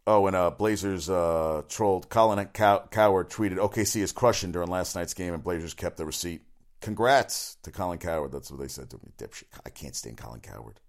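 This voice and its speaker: A man hosting a casual solo sports talk show, rambling quickly from item to item with lots of fillers and swearing. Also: low voice. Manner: rapid, rambling, profane, with many fillers.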